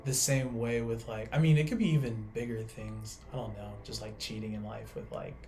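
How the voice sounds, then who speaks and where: A man's voice: fairly low pitch, steady tone, fairly quick, a little mellow, soft background music. A young man in casual faith discussion, talking loosely with lots of "like" and trailing thoughts. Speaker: co-host.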